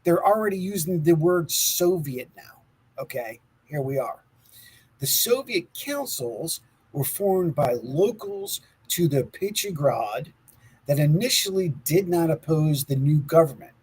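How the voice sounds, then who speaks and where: A man's voice: on the high side, big pitch swings, unhurried, darkish tone, husky, low-quality recording. A man co-hosting a casual podcast, laughing often and stumbling over words as he reads aloud from his notes. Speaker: podcast co-host. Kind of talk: casual conspiracy podcast talk, reading from notes.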